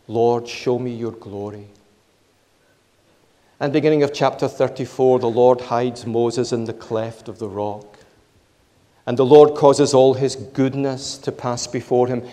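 Man preaching slow and deliberate, big echoey church hall, keeps repeating the key lines. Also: mid-range voice, dark tone. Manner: measured, emphatic, repeats key phrases. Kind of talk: sermon.

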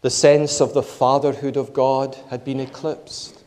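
A man preaching a sermon in a measured, emphatic way, repeating his key phrases. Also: mid-range voice, flat delivery, a little mellow, in a large hall.

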